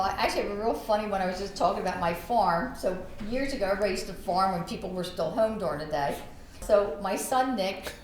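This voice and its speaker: A middle-aged woman, a podcast host and realtor, telling a story in an animated, laughing way. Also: medium pitch. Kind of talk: storytelling in casual chat. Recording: echoey room with faint background noise.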